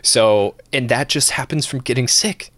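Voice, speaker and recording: A man's voice: mid-range voice, moderate pace, no echo. A man co-hosting a casual stream podcast, ranting with a lot of swearing. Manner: profane, animated ranting with laughs. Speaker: podcast co-host.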